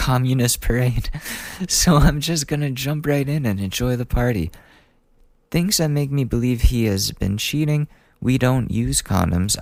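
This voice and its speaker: A man's voice: medium pitch, darkish tone, no room sound. A man in his twenties hosting a casual advice podcast, reading listener letters and joking about them. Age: 20s. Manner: chatty and joking, laughs at his own lines. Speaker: podcast host.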